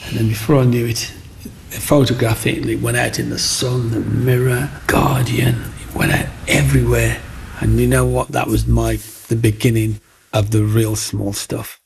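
A middle-aged man, telling his life story in an interview in a chatty, animated way. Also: medium pitch, normal speed, creaky, slight background noise. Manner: chatty, animated, acts out voices in anecdotes. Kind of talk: personal storytelling.

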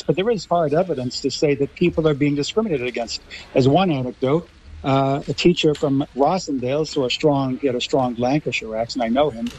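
A man with an American accent, from Los Angeles, making measured, lecturing points as a radio panel guest. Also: on the high side, darkish tone, slight background noise, rough recording. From Los Angeles, USA. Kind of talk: radio discussion.

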